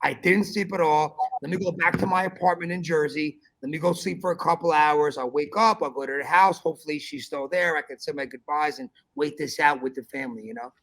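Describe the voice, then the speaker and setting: Gravelly high-voiced man telling a wild story. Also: a little fast, hardly any pauses. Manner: animated, swearing, calls listener bro. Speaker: podcast host. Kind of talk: casual storytelling chat.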